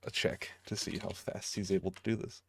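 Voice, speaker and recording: A man's voice: fairly low pitch, little pitch movement, a little fast, gravelly, a little hiss or hum. A man narrating a tabletop game as game master, casual and hesitant with many fillers.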